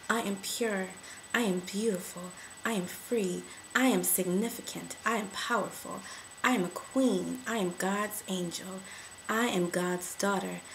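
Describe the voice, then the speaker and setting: A woman giving an emotional testimony to camera, repeating affirmations and rising to shouts. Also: mid-range voice, vocal fry, slight background noise, poor audio.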